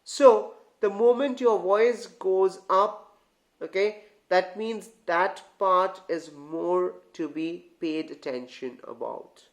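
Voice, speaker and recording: Tutor voice for a reading lesson: mid-pitched, talks straight to the learners, repeats phrases, checks in with the viewers often. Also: takes it slowly. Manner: repeats and restarts phrases while explaining; addresses learners as guys. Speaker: English tutor. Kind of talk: online grammar lesson.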